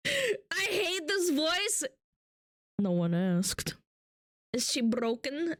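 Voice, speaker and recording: A woman streamer chatting playfully and excitably with her chat. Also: sits high, extremely slow, pauses often, dry recording. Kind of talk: casual livestream chat.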